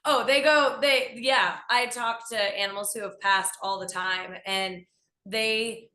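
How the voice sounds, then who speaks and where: Female guest, bright and forceful voice, eager and expressive, recorded in a roomy, echoing space. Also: mid-range voice, a little slow. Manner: enthusiastic, acts out voices in quotes. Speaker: guest, animal communicator. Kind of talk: casual conversational interview. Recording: echoey room.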